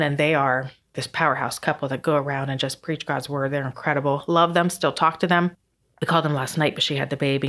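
A middle-aged woman sharing a personal faith testimony in a chatty, emotional way, laughing often. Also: low-pitched.

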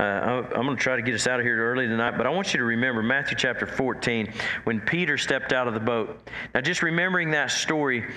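A man's voice: medium pitch, bright, forceful tone, roomy sound. A male pastor preaching a conversational sermon, with frequent restarts and scripture quotes spoken in a lifted voice.

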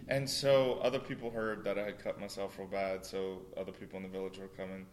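Young man from Louisiana, low voice, chatty animated storyteller, a little background noise. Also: a little fast. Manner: animated, laughing storyteller with many fillers. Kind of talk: casual storytelling chat.

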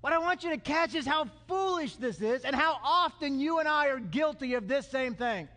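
A male pastor preaching a sermon, animated and calling on the congregation to answer. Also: very high voice, normal speed. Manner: animated, calls for congregation response. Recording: long hall reverb.

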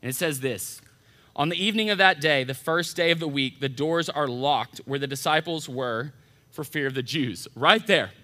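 A man, a college pastor giving an informal, animated sermon and acting out voices as he retells stories. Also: fairly high pitch, normal speed. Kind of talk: casual sermon. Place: church hall.

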